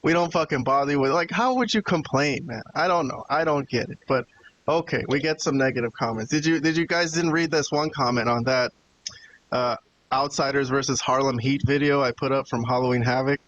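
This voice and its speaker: A man's voice: mid-range voice, a little fast, a bit bright, highs cut off, slight background noise. A man hosting a wrestling podcast, chatting casually, rambling and swearing as he vents to his co-hosts. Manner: rambling and profane, venting to co-hosts. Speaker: podcast host. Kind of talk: casual chat.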